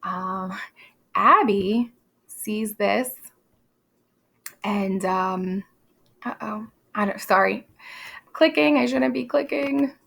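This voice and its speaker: A woman's voice: medium pitch, very slow, gravelly, long pauses, fairly bright tone. A woman teacher explaining a play in a casual, chatty classroom lesson, full of fillers and asides.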